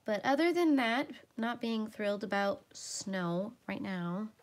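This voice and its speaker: A woman hosting a casual livestream from home while she colors. She chats along and sometimes drops into soft murmurs as she works. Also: mid-range voice, animated, a little slow. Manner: chatty, drifts into soft murmurs while working. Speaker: livestream host.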